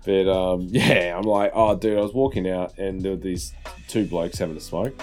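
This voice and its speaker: A low-voiced man in his thirties rambles through a casual podcast chat, swearing freely, with faint guitar music underneath. He jumps loudly into his stories to act out what people said. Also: normal speed. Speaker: podcast co-host.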